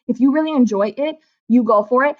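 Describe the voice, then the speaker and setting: A woman's voice: a little high, a little fast, reverberant, distant mic, lo-fi sound. A woman teacher giving a recorded lesson, playful and jokey, who keeps asking "okay?". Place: basement floor at home.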